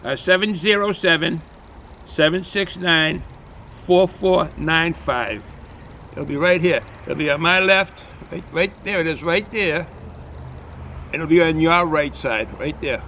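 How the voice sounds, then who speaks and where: Casual Boston-accented guy, a bit high-voiced, rambling outdoor beer review over clear traffic noise. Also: unhurried, pushed and bright, rough recording. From New England, US. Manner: rambling, chatty, repeats himself with frequent fillers. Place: outdoors in cold weather.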